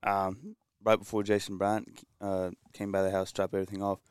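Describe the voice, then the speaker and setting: Young man, offhand, low voice, clear and dry. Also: dry recording. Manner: quick, flat, offhand talk.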